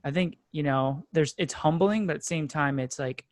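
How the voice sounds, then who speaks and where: A man with a somewhat raised pitch talks in a dry, close recording. He hosts a podcast and chats in an eager, slangy way, leaning on "like" and "dude.". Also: normal speed, no room sound. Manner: enthusiastic, slangy, many "like" and "dude". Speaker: podcast host. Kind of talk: casual chat.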